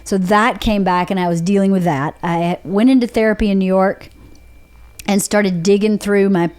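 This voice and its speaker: A woman's voice: medium pitch, steady tone, normal speed, a little mellow, clear, resonant tone. A woman from Georgia with a Southern accent, hosting a podcast and telling her own story in a candid, rambling way, with restarts. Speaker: podcast host. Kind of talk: casual chat.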